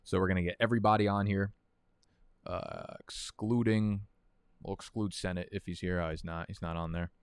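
Hosting a fantasy football draft stream, this young man rambles casually, swearing and drifting onto tangents in easy livestream chat. His low, resonant voice stays steady at a normal pace, captured clearly in a clean studio with no room sound.

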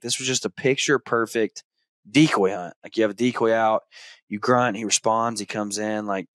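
A man, hosting a podcast and telling a story in a casual way, acting out his young son's excited shouts. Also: mid-range voice, no room sound. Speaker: podcast host.

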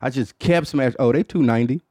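A man's voice: medium pitch, fast, darkish tone, no room sound, studio quality. Profane, loose-talking man hosting a podcast. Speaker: podcast host. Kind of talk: casual chat.

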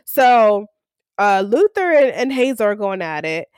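A woman's voice: medium pitch, big pitch swings, measured pace, smooth, no room sound, clean studio sound. A woman co-hosting a recap podcast, casually retelling episode scenes and acting out the characters' lines. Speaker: podcast co-host.

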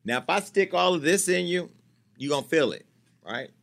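A man's voice: a little high, animated, moderate pace, vocal fry, a bit bright. A man hosting a celebrity gossip show, talking in a brash, profane, teasing way as he chats casually and jokes with staff off camera.

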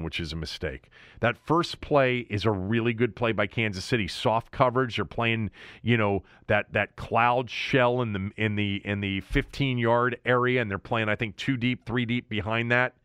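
A middle-aged man hosting a sports talk show, recapping a game play by play in an animated way, his voice jumping up when excited. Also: fairly low pitch, normal speed, clear, resonant tone, no echo, studio quality. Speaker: sports radio host. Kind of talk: solo sports talk monologue.

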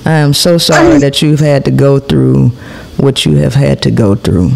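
Podcast host, woman, gravelly fry, consoling and gracious with callers. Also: a bass voice, moderate pace, a little mellow, slight background noise, low-quality recording. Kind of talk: casual podcast talk.

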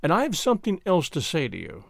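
A man's voice: a little high, huge pitch swings, fast talker, creaky, no echo, studio quality, heavily acted. A man doing a fretful prim old schoolmaster. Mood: fretful lecturing. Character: fussy anxious middle-aged male schoolmaster.

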